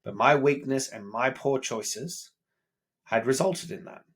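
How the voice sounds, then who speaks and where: A man's voice: mid-range voice, lively intonation, a little slow, fairly bright tone, breathy edge. A man, talking bluntly and with a lot of swearing, candid and self-critical, in a personal vlog monologue. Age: 30s. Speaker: self-improvement vlogger, father.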